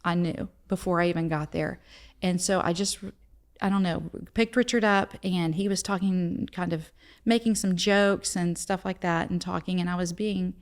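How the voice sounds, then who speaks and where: Middle-aged woman, earnest guest storytelling, fairly low voice. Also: steady tone, normal speed. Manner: retells events by acting out quoted dialogue, earnest. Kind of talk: personal storytelling in a conversation.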